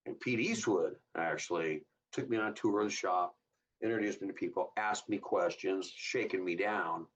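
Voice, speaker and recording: A Southern California hot rod builder in his fifties, with a husky, fairly low voice, talks at normal speed as a guest in a relaxed interview. He tells stories with energy, raising his voice to act out the people he quotes. He sounds a bit far from the mic, and the recording is dull and lo-fi.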